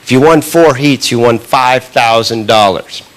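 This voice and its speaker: A man doing stand-up comedy, telling a long story in a punchy, animated way and often tagging lines with a quick question. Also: mid-range voice. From Canada. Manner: animated, punchy delivery with frequent tag questions. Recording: live recording with audible background noise.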